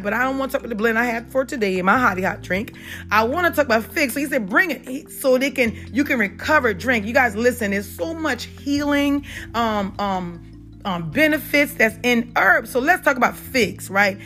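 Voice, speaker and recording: A woman's voice: fairly high pitch, animated, normal speed, pushed and bright, faint music behind. A middle-aged woman with a Southern accent, talking casually and unedited about natural health and faith, with many fillers and repeated "you guys" and "y'all". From South Carolina. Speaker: holistic health talk host.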